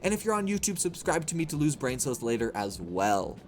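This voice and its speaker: A man's voice: mid-range voice, sing-song, a little fast, faint music behind. A man streaming a game, talking to his chat in playful, self-mocking mini rants. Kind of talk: livestream gameplay commentary.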